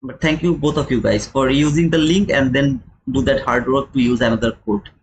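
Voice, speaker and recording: A man's voice: mid-range voice, animated, brisk, slight background noise, poor audio. A young man with a non-native English accent giving live trading commentary, chatty and repetitive as he walks viewers through a chart and calls them brother. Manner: explains chart step by step, repeats key points. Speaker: day-trading streamer.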